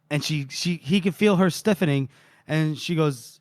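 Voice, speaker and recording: A man whose voice sits high speaks a little slowly, recorded at studio quality with no room sound. Co-hosting a podcast about a book, he animatedly recaps scenes, quoting dialogue and laughing a lot.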